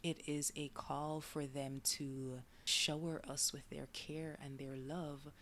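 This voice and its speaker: Jamaican woman, podcast host, low voice, calm teaching delivery with a faint hiss behind. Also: takes it slowly. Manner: calm, explanatory, repeats key phrases. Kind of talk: solo podcast talk on emotions and healing.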